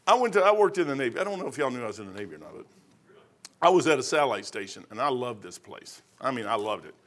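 A middle-aged man preaching an informal, rambling sermon, folksy in manner and rising to loud, emphatic bursts. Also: medium pitch, sing-song, fast talker.

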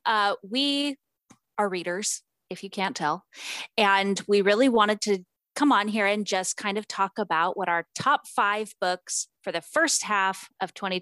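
A woman's voice: mid-range voice, a bit bright, dry recording. Woman, podcast co-host, casual chat, chatty with fillers, dry close mic.

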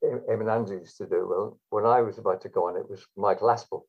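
A man's voice: on the low side, steady tone, quick pace, slightly rough. A man telling stories as a guest in a rambling, hesitant way. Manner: rambling, hesitant, many fillers. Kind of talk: anecdotal storytelling. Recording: dull lo-fi recording.

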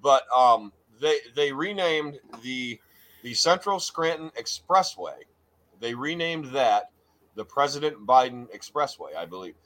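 A man's voice: mid-range voice, lively intonation, a little slow, fairly bright tone, poor audio. A man hosting a casual talk show, hamming up grand introductions and repeating his words. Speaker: podcast host. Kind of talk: casual chat.

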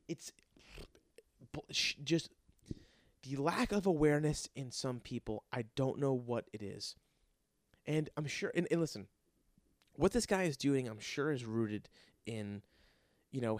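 A man's voice: a little high, a little mellow, no room sound. A young adult man, a bartender, ranting in a casual, exasperated and profane way. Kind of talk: casual rant.

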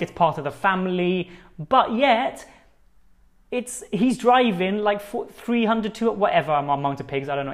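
A man hosting a solo podcast, talking casually into his own microphone in a rambling, conversational way with lots of fillers. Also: fairly high pitch. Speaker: podcast host.

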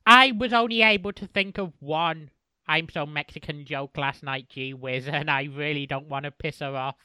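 A man's voice: fairly high pitch, normal speed, sharp tone, clean tone, no room sound. A man co-hosting a podcast in casual chat, joking and restarting his sentences. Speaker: podcast co-host.

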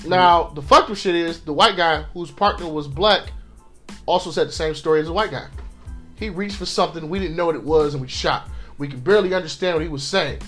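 High-voiced man arguing passionately. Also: fairly quick, pushed and bright, faint music behind. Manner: impassioned, acts out quotes of police and victims; profane, repeats words when restarting. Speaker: podcast co-host. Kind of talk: casual discussion.

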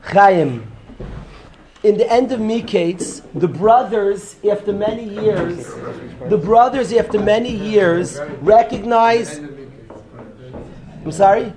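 A man teaching as a rabbi in a lively class lecture, repeating phrases and calling on students by name. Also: sits high, takes it slowly, pauses often, crowd noise.

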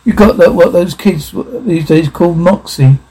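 A man reading film dialogue and sound cues aloud in a jumbled, halting way. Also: high-pitched, dark tone, husky, poor audio.

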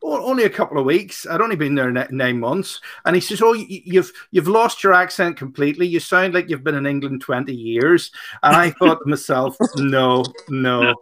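Bright-voiced man, teasing. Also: a little high, moderate pace. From Northern Ireland. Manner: teasing, jokey storyteller. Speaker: co-host reading viewer comments. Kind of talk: casual live-stream chat.

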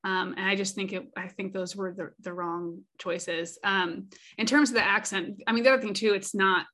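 A woman's voice: mid-range voice, steady tone, moderate pace, a bit bright. Woman co-hosting a chatty podcast. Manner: thoughtful, reads quotes from reviews aloud. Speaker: podcast co-host. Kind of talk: casual podcast discussion.

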